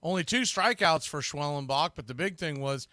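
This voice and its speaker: A man hosting fan play-by-play, rambling through opinionated asides between pitches on a close mic. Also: animated, normal speed, pushed and bright, no echo. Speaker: host and play-by-play announcer.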